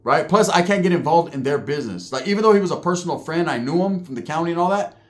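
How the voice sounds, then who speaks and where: Man, casual storytelling, profane street slang, lively swinging pitch, slightly high voice. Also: fast talker. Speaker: storyteller recounting prison life.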